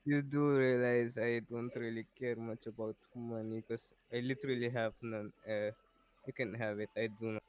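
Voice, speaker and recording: A man's voice: mid-range voice, fairly even intonation, normal speed. Blunt man, slightly dull recording. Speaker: player. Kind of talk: playing a tabletop game.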